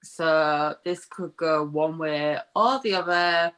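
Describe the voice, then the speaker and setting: Slow, bright-voiced tipsy woman. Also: deep voice, steady tone, low-quality recording. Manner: giggly, loud laughs. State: drunk. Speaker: player. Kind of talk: casual tabletop game play.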